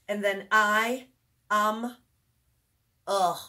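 A woman's voice: medium pitch, unhurried, fairly bright tone. A chatty woman talks parents through a homeschool review, often correcting herself as she goes. She chants and sings the words while explaining the hand motions, dropping in a mild faith phrase now and then. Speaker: homeschool teacher reviewing memory work. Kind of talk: casual instructional walkthrough.

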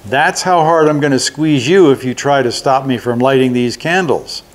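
A man's voice: medium pitch, moderate pace, close to an everyday voice. An older man voicing a bold, clever young hero. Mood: defiant.

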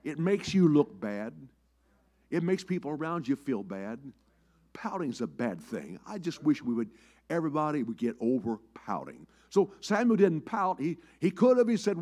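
Brief: older bishop in a church pulpit, folksy and lively, pitch rising and falling a lot. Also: male voice, moderate pace. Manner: folksy storytelling, repeats words, lively rises and drops. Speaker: bishop preaching. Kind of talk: sermon. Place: church sanctuary.

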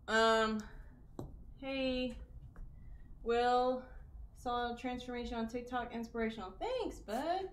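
A woman's voice: a little high, slow, pauses often. A woman chatting with her live-stream viewers while working out, counting reps and catching her breath. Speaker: fitness streamer. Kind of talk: live-streamed workout chat. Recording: roomy sound, mic at a distance.

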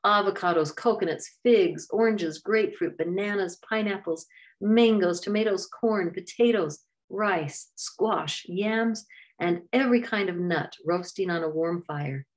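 Low-voiced woman reading a storybook. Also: a little slow. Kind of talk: storybook narration.

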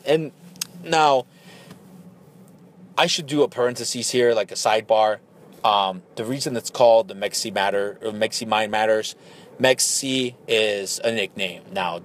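A man in his thirties hosting a podcast, telling a casual rambling story with lots of fillers and restarts. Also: lowish voice. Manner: rambling, many fillers and restarts, animated when excited. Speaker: podcast host.

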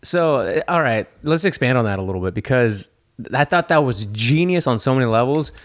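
A man's voice: mid-range voice, expressive, brisk. A male podcast co-host in casual conversation. He swears freely and circles through wry, rambling remarks. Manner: profane, wry, rambling asides. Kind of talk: casual comedic chat.

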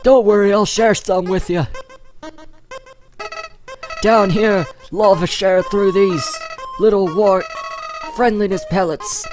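A man's voice: sits high, fairly even intonation, slow pace, long pauses, darkish tone, soft background music, voice pushed up. A young man voicing a chirpy, sly flower creature with a sing-song, exaggerated folksy drawl, playing along to a game. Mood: sugary.

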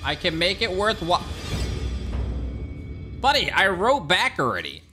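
Male game streamer, foul-mouthed and ranting, unhurried delivery, clear game music underneath. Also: high voice. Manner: profane, ranting, animated. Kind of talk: live gameplay commentary.

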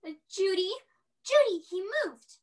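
A young actor playing an excitable young boy with old-fashioned kid slang in a high school stage play. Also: a little slow.

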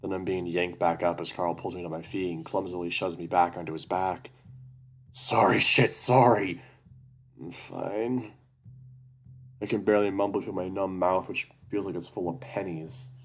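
Very deep-voiced male horror narrator. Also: a little fast, few pauses, soft background music. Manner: steady, even first-person narration. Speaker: audiobook narrator. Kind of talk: first-person horror story reading.

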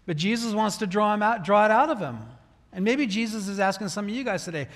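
Pastor, male, higher voice, casual preaching style with restarts, recorded in a long-reverb church hall. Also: fast, a bit bright. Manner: conversational preaching with restarts, acting out prayers. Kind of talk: sermon. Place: church sanctuary.

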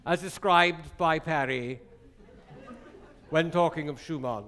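A man's voice: on the high side, takes it slowly, creaky, a bit bright, exaggerated voice. A man putting on a pompous English lecturer.

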